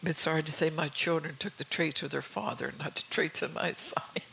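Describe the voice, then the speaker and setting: A woman's voice: low voice, steady tone, a little fast, vocal fry, a bit bright, a little hiss or hum, rough recording. An older woman giving an informal sermon in a homey, confiding way, often saying "you know". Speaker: preacher.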